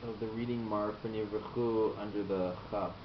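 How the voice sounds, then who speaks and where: A low-voiced man, a student, asks questions in halting, broken phrases. His voice carries an echoey room, a muffled sound and clear background noise. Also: fairly even intonation.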